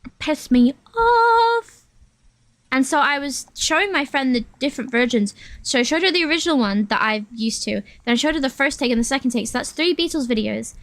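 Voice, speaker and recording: A woman's voice: high voice, fast, few pauses, a bit bright, no echo. A woman streaming herself at work, chatting casually and rambling through asides. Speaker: VTuber streamer.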